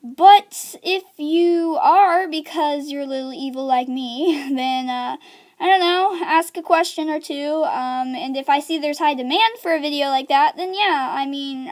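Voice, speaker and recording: A young woman giving writing tips in a casual, giggly, rambling chat to camera, full of fillers. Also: high-pitched.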